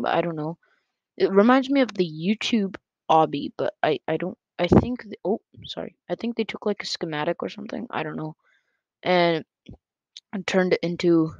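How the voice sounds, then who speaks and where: An excitable gaming YouTuber talks through a run with chatty, self-correcting commentary and a gravelly edge. The close mic catches breaths. The sound is dull, lo-fi and dry. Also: medium pitch, no room sound. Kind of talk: casual gameplay commentary. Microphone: close desk mic picking up breath.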